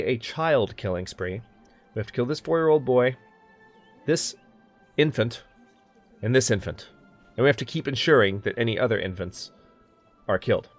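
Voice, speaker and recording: A man hosting a let's play, chatting casually and thinking aloud as he plays. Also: on the low side. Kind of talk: casual gaming commentary.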